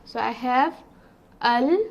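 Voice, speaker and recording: A woman with a high voice gives a beginner's language lesson. She talks slowly and patiently, repeating each point and often checking with "okay?". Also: vocal fry, dull audio. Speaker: Arabic teacher. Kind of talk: slow classroom explanation.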